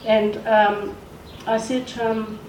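A church speaker shares her testimony during a service, telling it as an emotional story and acting out the voices of people she quotes. Her voice is on the high side, level and slow, with a darkish tone. She's recorded far from the mic in an echoey room, with faint noise.

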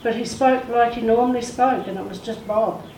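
A church speaker tells a heartfelt testimony from the pulpit, dramatizing the voices she quotes. Her voice is a little high and darkish, with a steady tone at normal speed. The distant recording picks up room echo and faint noise.

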